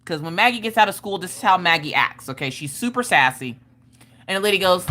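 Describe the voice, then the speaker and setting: A woman's voice: lowish voice, fast talker. A woman, hosting a live stream and chatting casually with viewers while telling a funny family story. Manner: animated, acts out quotes of others while telling a funny story. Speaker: streamer host.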